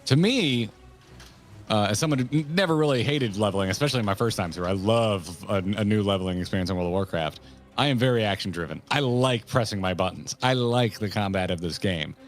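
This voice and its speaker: A man's voice: lowish voice, animated, brisk, faint music behind. A man hosting a game stream, talkatively explaining how he plays. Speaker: streamer host. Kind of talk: casual gaming chat.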